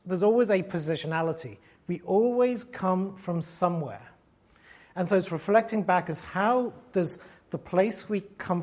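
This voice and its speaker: High-voiced man from Gibraltar lecturing. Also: darkish tone, muffled recording. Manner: conversational and reflective, thinks aloud. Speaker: lecturer, former broadcast journalist. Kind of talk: reflective university lecture.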